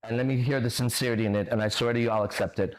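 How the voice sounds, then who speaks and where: Brief: male stream host, mid-pitched, blunt and profane, lectures his critics. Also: steady tone, racing. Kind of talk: livestream reading and answering chat comments.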